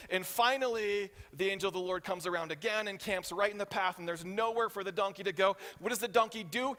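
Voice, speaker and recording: A man preaching a sermon as pastor, telling the story with animated voices for the characters and often checking in with the congregation. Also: high-pitched. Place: church hall. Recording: reverberant hall.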